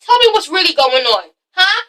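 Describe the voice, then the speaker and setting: Jealous angry guy yelling and cussing, done by a woman in a recap, high bright voice. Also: very animated, moderate pace, far from the mic, exaggerated voice. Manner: confrontational, profane. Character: jealous angry young man.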